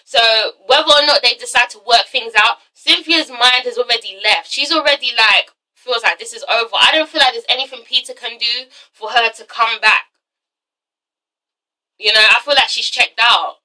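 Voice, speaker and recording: A young English woman reviews reality TV in blunt, swear-filled casual commentary, often tagging her points with "okay?". Her voice is a little high, pushed and bright at normal speed, heard on a distant mic in a rough recording.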